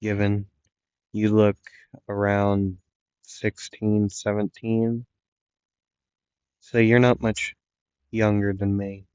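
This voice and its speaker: A man's voice: on the low side, completely flat delivery, slow, long pauses, darkish tone, smooth, no room sound, highs cut off. Smug taunting stranger, a man reading it. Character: cocky mysterious attacker, taunting.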